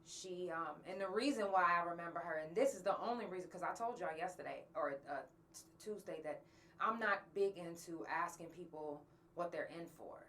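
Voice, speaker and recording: Woman host, candid rant, heavy cursing, low-ish voice; faint background hiss. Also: normal speed, fairly bright tone, recorded from a distance. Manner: blunt, angry, swears often. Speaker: podcast host. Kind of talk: candid monologue to listeners.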